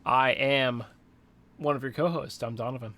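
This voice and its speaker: A man's voice: mid-range voice, steady tone, moderate pace, pushed and bright. A man co-hosting a gaming podcast, chatting loosely with lots of fillers and restarts. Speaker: podcast co-host. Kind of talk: casual chat.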